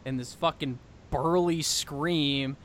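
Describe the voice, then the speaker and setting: Young man, bright forceful voice, slightly high, animated casual storytelling, swearing. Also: slow pace, a little hiss or hum. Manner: animated, swearing, acts out quotes in raised voice. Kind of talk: casual storytelling among friends.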